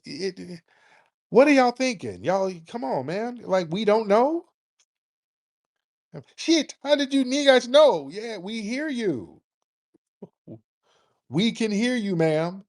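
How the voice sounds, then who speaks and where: A middle-aged man holds forth as a radio host, cutting in with repeated "no, no" and mimicking callers. His voice sits high and leaps widely in pitch. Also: big pitch swings, slow, pauses often, a little mellow. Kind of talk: commentary to listeners.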